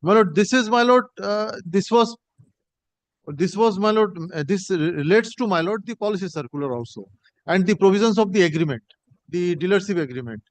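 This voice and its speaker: A man arguing a case in a courtroom, halting and repeating "my lord" while reading from a judgment. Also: high voice, lively intonation, dry recording, poor audio. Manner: halting, addresses the bench as my lord in nearly every phrase; reads passages from a judgment aloud. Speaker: advocate arguing an appeal. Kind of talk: courtroom argument.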